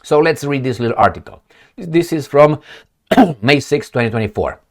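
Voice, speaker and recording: A man giving casual political opinion commentary in an animated, rhetorical, sarcastic manner. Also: medium pitch, moderate pace, gravelly.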